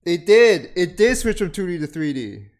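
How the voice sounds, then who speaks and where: A man's voice: sits high, big pitch swings, moderate pace. A man hosting an anime reaction, giving casual commentary full of exclamations, laughter and swearing, and talking straight to his viewers. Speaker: anime reaction channel host.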